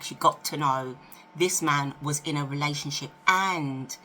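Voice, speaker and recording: A woman in her fifties, a vlogger telling a dating story in a chatty, animated way to camera. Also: low voice, slight background noise. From United Kingdom. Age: 50s. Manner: chatty, animated, asks rhetorical questions. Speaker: lifestyle vlogger.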